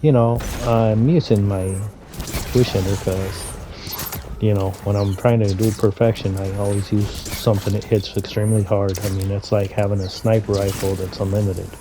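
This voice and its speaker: A man's voice: fairly low pitch, level tone, moderate pace, background noise. A man giving casual, rambling commentary over video game footage, full of "you know" fillers and mild griping. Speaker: gameplay commentator.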